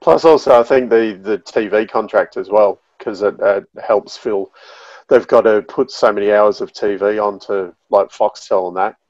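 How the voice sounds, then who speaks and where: A man chatting as a podcast guest over a call, relaxed and hedging with fillers. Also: fairly low pitch, normal speed, no room sound, dull audio. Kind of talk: casual chat. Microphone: video call.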